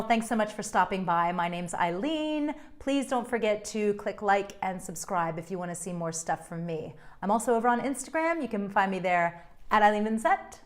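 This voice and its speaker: A woman vlogger in her thirties, chatting to viewers at home in a gushing, effusive way. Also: medium pitch. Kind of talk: casual chat to camera.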